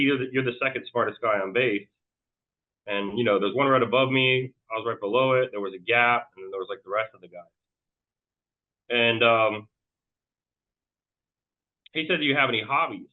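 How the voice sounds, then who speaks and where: A man's voice: medium pitch, brisk, pauses often. A man telling a long personal story as an interview guest, rambling loosely and restarting his sentences often. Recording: tinny phone-like line.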